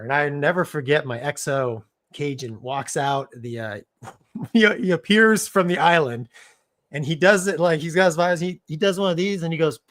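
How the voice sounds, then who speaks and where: A middle-aged man, a former Navy fighter pilot co-hosting a live show, tells a casual story. He keeps it animated, laughs mid-sentence and leans on "man" and "dude". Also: on the high side.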